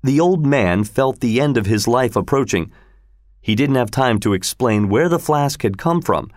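A man reading a story aloud as the narrator, in a slow, expressive storytelling manner. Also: medium pitch, no room sound, studio quality. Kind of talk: scripted audiobook narration.

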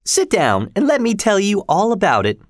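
Guy voicing a chatty old housekeeper lady, way up high, bit louder, audiobook. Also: huge pitch swings, normal speed, no echo, studio quality, exaggerated voice. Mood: surprised. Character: older woman housekeeper, warm and chatty.

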